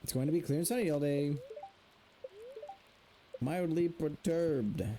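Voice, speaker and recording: He's a young streamer racing through casual chat while playing a farming game, jokingly copying a villager's grunting noise. The voice is on the high side, animated, and dark in tone.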